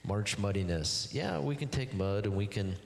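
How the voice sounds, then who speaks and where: Pastor, male, lowish voice, emphatic preacher, long church-hall reverb. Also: animated, moderate pace, gravelly. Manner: emphatic preaching with rhetorical questions. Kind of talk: sermon.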